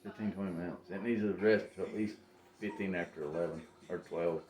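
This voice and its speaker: A man chatting casually in his home kitchen, blunt and profane and quick to poke fun at himself. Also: deep voice, fairly even intonation, a little mellow, reverberant. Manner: blunt, profane, self-mocking. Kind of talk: casual home cooking chat.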